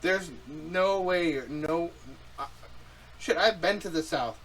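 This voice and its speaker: A young man co-hosting a casual podcast, loud and profane, teasing his co-host and telling animated stories. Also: fairly high pitch, takes it slowly, distant mic, a little hiss or hum, rough recording.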